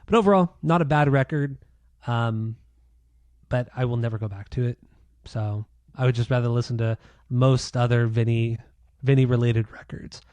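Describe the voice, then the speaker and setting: Relaxed man co-hosting a podcast. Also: medium pitch, moderate pace, no room sound. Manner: relaxed, laughs often, drives the segments. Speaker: podcast co-host. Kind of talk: casual chat.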